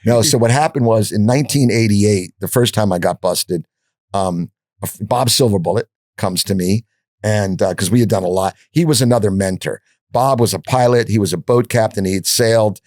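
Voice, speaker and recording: Animated older man telling stories. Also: on the low side, normal speed, no echo, clean studio sound. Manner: animated storyteller, frequent restarts and swearing. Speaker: podcast guest. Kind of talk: anecdotal storytelling in an interview.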